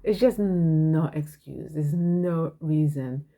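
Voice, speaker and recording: Woman chatting about parenting, low warm voice, earnest and frank. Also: takes it slowly. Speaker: parenting podcast host. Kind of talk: casual monologue.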